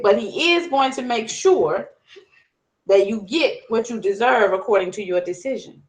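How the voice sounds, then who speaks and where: A woman storyteller with a fairly high voice tells a folktale as a lesson. She is lively and keeps asking her listeners questions. Her telling rises into bright bursts at festive moments. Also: poor audio. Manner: lively, asks the audience questions. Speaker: storyteller, teacher.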